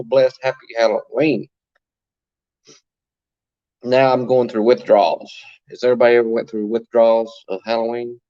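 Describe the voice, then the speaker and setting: The livestream host, a man with a medium-pitched and somewhat mellow voice, broadcasts casually from his phone. He talks with viewers, greeting them by name and answering what they comment, over dull audio.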